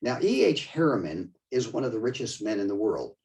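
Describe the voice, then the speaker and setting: An older man giving a conversational, digressive museum talk with slides, often halting mid-sentence. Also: medium pitch, big pitch swings, creaky, darkish tone, far from the mic, rough recording. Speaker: museum lecturer. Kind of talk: slide-show history talk.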